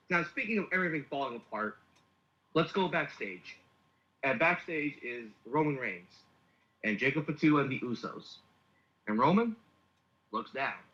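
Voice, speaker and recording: A man's voice: mid-range voice, sharp tone, muffled recording. A man co-hosting a podcast, casually narrating a fantasy wrestling storyline. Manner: acts out wrestlers' lines in quoted voices.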